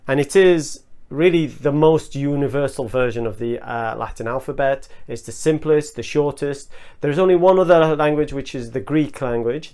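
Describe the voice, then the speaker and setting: A man teaching English in a video lesson, explaining at a measured pace and working through spoken examples step by step. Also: mid-range voice, darkish tone.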